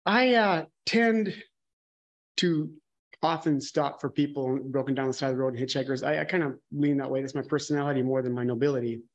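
A man's voice: mid-range voice, fairly even intonation, a little fast, lo-fi sound. A man preaching a conversational sermon, candid and musing, thinking aloud and often restarting his sentences.

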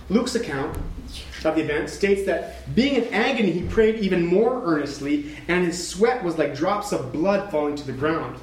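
Man, preacher, sermon, high-pitched, dramatic, hushed to shouting, echoey room. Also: animated, normal speed, a little hiss or hum.

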